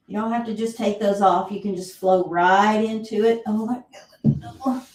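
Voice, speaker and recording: Slow, mellow Southern woman instructing exercise. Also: mid-range voice, steady tone. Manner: counts reps aloud, encouraging cues, clears throat often. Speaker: fitness instructor. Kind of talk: live exercise class instruction. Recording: roomy echo, voice from far off.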